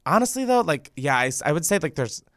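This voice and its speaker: A woman's voice: extremely low pitch, no room sound, studio quality. Bubbly, jokey woman podcast host. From the Valley, California. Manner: bubbly, jokey, quick to laugh. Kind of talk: casual chat.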